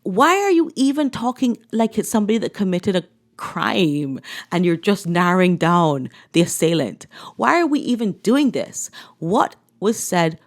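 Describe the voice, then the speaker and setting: A woman's voice: medium pitch, sing-song, moderate pace. A woman giving blunt, sarcastic opinion commentary in a casual chat style. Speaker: commentary vlogger.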